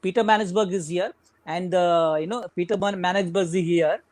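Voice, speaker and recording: A man's voice: high-pitched, steady tone, moderate pace, darkish tone, dry recording. A middle-aged Indian man with an Indian English accent, a guest runner telling his story in a casual interview, full of "you know" and "like".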